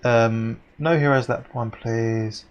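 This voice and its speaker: A man's voice: mid-range voice, steady tone, slow pace, dull audio. A young English man chatting with viewers and calling out friends during a live sim racing stream, matey and talkative.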